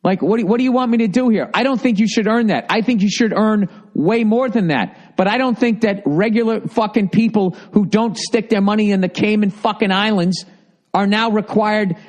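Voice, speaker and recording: A comedian hosting a podcast, ranting heatedly and sarcastically, with constant swearing. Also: male voice, sits high, normal speed. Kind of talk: profane comedic rant.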